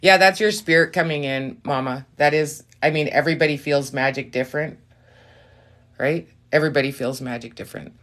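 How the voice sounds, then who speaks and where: Low-pitched woman tarot reader, chatty, reassuring, slips into whispers on a live stream. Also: fairly quick. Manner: chatty, easily sidetracked, drops into whispers; warm and reassuring toward viewers. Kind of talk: casual live tarot reading.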